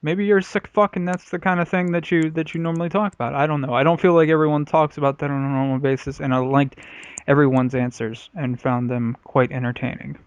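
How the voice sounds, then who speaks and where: Brief: male podcast host, fairly high voice, crude and rambling, dry dull lo-fi mic. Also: little pitch movement, fast, clear, resonant tone, no echo. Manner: crude, rambling, swears freely. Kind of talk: casual comedy podcast chat.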